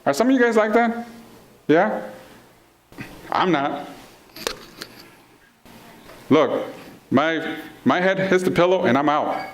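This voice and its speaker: This middle-aged preacher talks slowly and animatedly in a high-sitting voice, pausing often. His sermon in the congregation hall is playful and chatty, with the people in his stories acted out.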